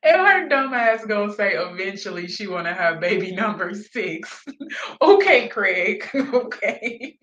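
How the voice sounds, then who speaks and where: A woman's voice: mid-range voice, animated, measured pace, a bit bright, lo-fi sound. A woman giving casual reaction commentary on a video, blunt and profane, laughing often.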